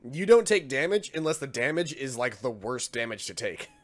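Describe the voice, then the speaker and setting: A man serves as dungeon master for a tabletop session, speaking at an everyday middle pitch. He jokes with his players and laughs often between recaps. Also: very animated, moderate pace. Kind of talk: running a tabletop game session.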